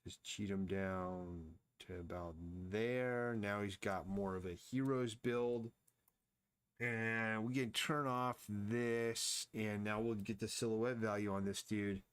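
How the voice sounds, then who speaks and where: Rambling low-voiced man drawing live. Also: fairly even intonation, takes it slowly, a bit bright, clear, resonant tone. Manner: rambling, thinks aloud, frequent restarts. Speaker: artist streaming his drawing. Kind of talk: casual live-stream commentary while drawing.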